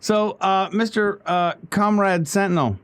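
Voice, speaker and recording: Slow-talking joking chatter. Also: medium pitch, smooth. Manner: joking, drawn-out and laughing. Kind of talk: casual chat.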